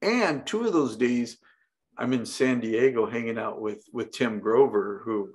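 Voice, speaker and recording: A middle-aged man chatting casually as an interview guest. His voice sits at an ordinary middle pitch. He rambles, restarts his sentences often and drops in casual swearing. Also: measured pace. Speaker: podcast guest.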